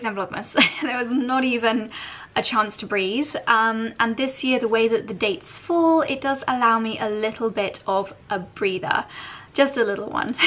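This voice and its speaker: Woman, thirties, fashion vlogger, bubbly, giggly, rambling, slightly high pitch. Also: fairly bright tone. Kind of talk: chatty morning vlog to camera.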